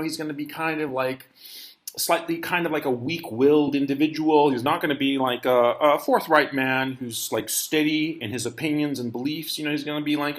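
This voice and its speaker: Rambling man, fairly high voice, roomy echo. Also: fairly bright tone. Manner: rambling, digressive, conversational. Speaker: channel host. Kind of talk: casual storytelling monologue.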